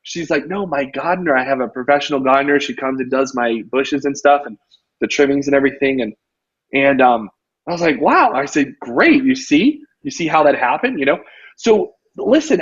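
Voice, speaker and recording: A man hosting a casual interview as a real estate coach, telling stories with lots of "you know" and an animated delivery. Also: medium pitch, fairly quick, slightly rough. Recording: dull lo-fi audio.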